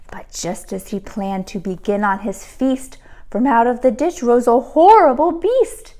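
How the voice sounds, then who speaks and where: A woman teacher reading a storybook aloud to children, expressive and pausing to ask the listeners questions. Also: a little high.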